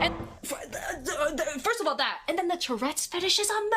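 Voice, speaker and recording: A young woman telling a story to her stream chat in a casual, animated way, swearing constantly and acting out what people said. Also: very high voice, brisk, faint music behind.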